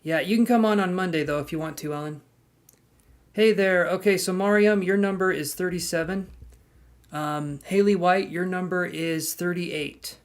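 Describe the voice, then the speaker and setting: Cracking jokes and handing out queue numbers, a man hosting a live tarot stream welcomes viewers by name in casual conversation. His voice sits high and he speaks at a moderate pace.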